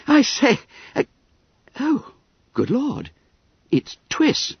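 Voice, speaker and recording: A man's voice: extremely high pitch, wildly swooping pitch, drawn-out words, gravelly, breathy edge, no room sound, voice pushed up, heavily acted. A man voicing an eager, boisterous teenage schoolboy who speaks in exclamations. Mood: dismayed. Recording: dull, dry audiobook recording.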